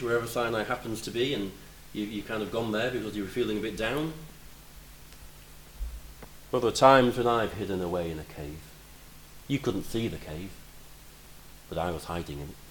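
A man preaching a sermon, animated, moving between loud emphatic lines and quiet, reflective asides. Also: on the low side, roomy sound, slight background noise, rough recording.

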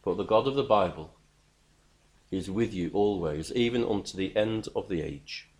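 A man's voice: deep voice, normal speed, darkish tone. Earnest preacher man. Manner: earnest, emphatic, repeats words when building a point. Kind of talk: sermon.

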